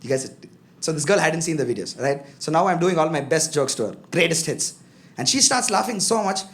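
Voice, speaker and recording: A man's voice: on the high side, animated, brisk, a bit bright, slight background noise. A man doing a stand-up comedy set on a club stage, talking loosely and profanely with constant asides to the crowd. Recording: live club with audience laughter.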